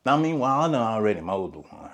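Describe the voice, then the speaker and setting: A lawn care business owner tells a story in a casual, colloquial vlog, speaking quickly in a lowish voice. He's an animated storyteller with Southern colloquial speech.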